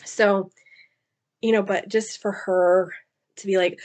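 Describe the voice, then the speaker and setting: A woman talks casually about books she has read, retelling the plot in a loose, rambling way. She uses plenty of fillers and asides and stays at a middle pitch. Her delivery is personal and conversational. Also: little pitch movement, takes it slowly, long pauses. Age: adult, mother. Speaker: book reviewer. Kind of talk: casual book discussion.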